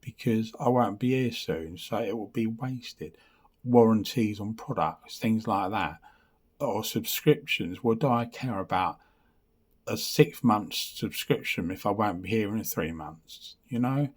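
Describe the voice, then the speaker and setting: English man, deep husky voice, rambling vlog update, dry blunt humour, keeps losing his notes. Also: lively intonation, measured pace. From England. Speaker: vlogger.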